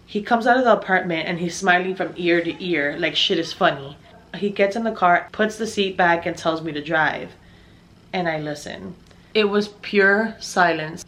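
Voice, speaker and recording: A woman's voice: fairly low pitch, fairly bright tone. A young woman narrating a personal story in a casual storytime style, swearing a lot and sounding exasperated as she acts out what people said. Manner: profane, exasperated, acts out dialogue.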